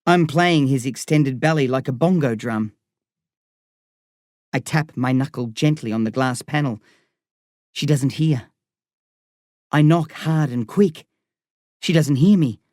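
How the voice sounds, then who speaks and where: Man, audiobook narration, first person, measured storytelling, dry close sound. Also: fairly high pitch, darkish tone, dry recording. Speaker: audiobook reader.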